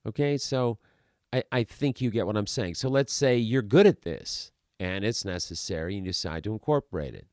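A man's voice: fairly low pitch, animated, moderate pace, darkish tone, no room sound, clean studio sound. A man, an acting teacher, talking through a podcast monologue in an emphatic way, asking rhetorical questions and repeating words as he makes his points.

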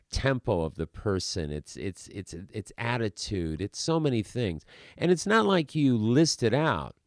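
A man's voice: fairly low pitch, darkish tone, dry recording, clean studio sound. A man, an acting teacher, talking through a podcast monologue in an emphatic way, asking rhetorical questions and repeating words as he makes his points.

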